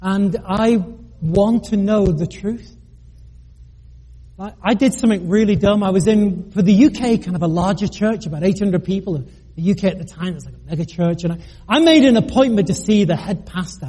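A man's voice: high voice, mellow, breathy edge. A middle-aged man from the United Kingdom, preaching a sermon earnestly, with joking asides and stammered restarts. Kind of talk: sermon with personal story.

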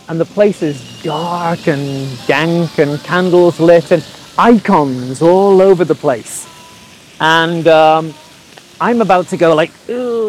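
A man, preaching through a personal story in a lively way and acting out the quotes. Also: a little high, slight background noise, low-quality recording. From England. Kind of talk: storytelling sermon.

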